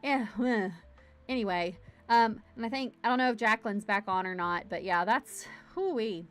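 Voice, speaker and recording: A woman's voice: medium pitch, normal speed, faint music behind. A woman hosting a casual livestream from home, chatting in a bubbly, rambling way straight to her camera. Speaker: livestream host. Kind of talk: casual live-stream chat.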